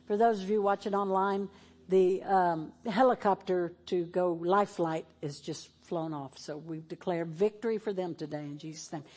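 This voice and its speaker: A woman's voice: fairly low pitch, steady tone, normal speed, darkish tone. Woman pastor, televised church sermon, fervent then tearful delivery. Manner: emotional, shifts between fervent and tearful. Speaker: preacher.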